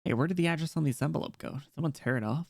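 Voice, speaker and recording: A man's voice: fairly high pitch, racing, gravelly, darkish tone. A man voicing a put-upon male courier who mutters complaints, reading a game story aloud. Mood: annoyed. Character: grumbling overworked male courier.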